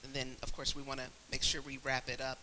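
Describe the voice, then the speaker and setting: A man moderating a conference panel, steering the talk along in a measured way. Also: medium pitch, monotone, sharp tone, slight background noise, poor audio.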